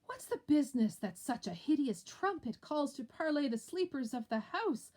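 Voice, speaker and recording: A woman reading aloud as a scheming lady who feigns shock, with shrill, theatrical exclamations. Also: animated, normal speed, dark tone. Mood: feigned shock.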